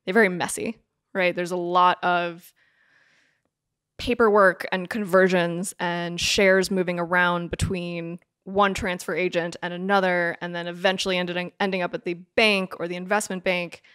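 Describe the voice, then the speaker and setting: A woman co-hosting a casual finance podcast, chatty and animated, laughing often. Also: fairly low pitch, normal speed, clean tone, dry recording, studio quality. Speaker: podcast co-host, financial advisor.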